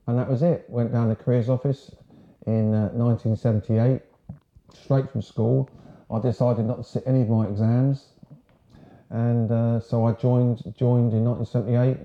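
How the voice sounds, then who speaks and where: A man's voice: mid-range voice, level tone, normal speed, a little hiss or hum. A man in his sixties from Sussex, England, a former marine telling his story in a casual, frank, rambling way. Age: 60s. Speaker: guest, ex-marine. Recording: roomy, dull lo-fi sound.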